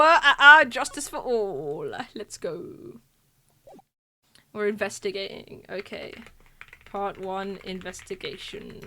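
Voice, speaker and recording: A woman streamer chatting excitably and laughing often while playing through a video game live. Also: mid-range voice. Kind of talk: live game playthrough commentary.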